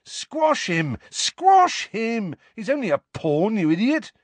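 A man voicing an excitable teenage boy wizard. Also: extremely high pitch, fast, dry recording, pitched above the performer's own voice, full character voice. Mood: excited. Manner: excited, shouting.

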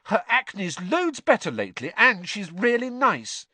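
A man's voice: sits high, huge pitch swings, unhurried, sharp tone, no echo, voice pushed up, exaggerated voice. A man voicing a bossy teenage schoolgirl. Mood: indignant. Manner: indignant, scolding.

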